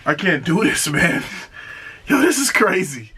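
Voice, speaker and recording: A man hosting a music reaction video, talking casually and excitedly, often repeating himself and breaking into exclamations. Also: sits high, a little slow, a little hiss or hum.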